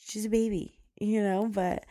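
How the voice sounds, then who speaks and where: A woman's voice: mid-range voice, little pitch movement, a little slow, dark tone, no echo, clean studio sound. A young woman podcast host telling a story in a casual, chatty way, filling her speech with "like" and laughing often.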